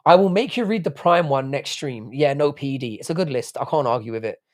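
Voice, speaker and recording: Hoarse man bantering on a livestream. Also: medium pitch, animated, brisk, darkish tone. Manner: laddish banter, swearing freely. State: strained, tiring throat. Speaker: livestream host reading chat. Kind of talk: casual live stream chat.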